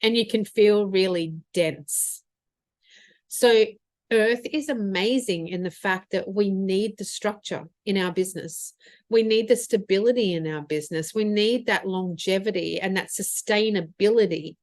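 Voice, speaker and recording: A woman mentor giving an earnest, expressive motivational talk on spiritual practice for business, thinking aloud with fillers. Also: mid-range voice, measured pace, no room sound, clean studio sound.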